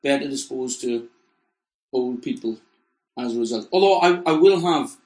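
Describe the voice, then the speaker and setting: A man's voice: mid-range voice, lively intonation, darkish tone. Rambling man in a roomy room. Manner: rambling, halting, self-correcting. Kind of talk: casual comedic chat. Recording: roomy echo.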